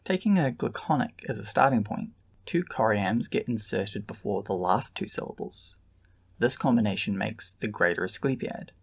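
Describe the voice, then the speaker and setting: Male narrator for a lesson video, gravelly and a bit husky, steady and explanatory. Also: on the low side. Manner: calm, measured explanation. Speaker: lecturer.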